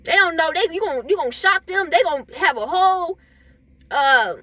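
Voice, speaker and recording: A woman's voice: very high voice, lively intonation, brisk, pushed and bright, no echo. A woman giving an emphatic, repetitive spiritual pep talk to her viewers, chuckling between points. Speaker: spiritual vlogger.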